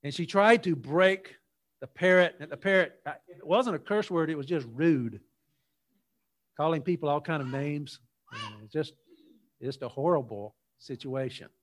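A male pastor preaching a sermon in church, opening with a folksy, unhurried joke story before his teaching. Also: on the high side.

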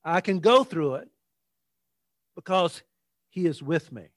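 High-voiced emphatic male preacher. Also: animated, no echo. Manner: emphatic, slows down for scripture and repeats key phrases; leads the congregation in call-and-response. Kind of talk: sermon with scripture reading.

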